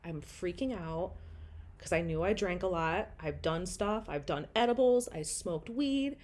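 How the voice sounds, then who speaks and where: A woman's voice: fairly low pitch, lively intonation, measured pace, a little mellow. A young woman telling her own story in a rambling, candid way, full of "like" and blunt swearing.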